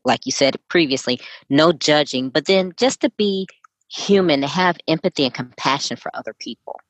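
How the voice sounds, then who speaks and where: Deep-voiced woman interview host. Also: normal speed, no echo. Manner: encouraging, sums up what the guest says. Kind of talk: conversational interview.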